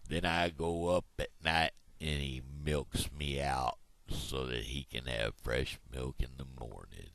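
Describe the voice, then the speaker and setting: Brief: man voicing a slow, low, sleepy cow, crawling pace. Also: creaky, fairly bright tone, dry recording, heavily acted. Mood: drowsy. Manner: very slow, low, drowsy drawl.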